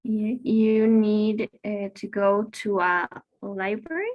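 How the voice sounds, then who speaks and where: Halting female student, muffled line. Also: medium pitch, fairly even intonation. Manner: halting, searching for words. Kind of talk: classroom answers.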